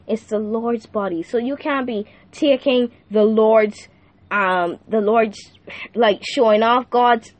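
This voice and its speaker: A woman's voice: fairly high pitch, no echo. A young woman hosting a faith podcast who teaches in a casual, slangy way and keeps asking the listener "right?". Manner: animated, laughing, asks the listener "right?" often; slangy and playful. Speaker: youth podcast host.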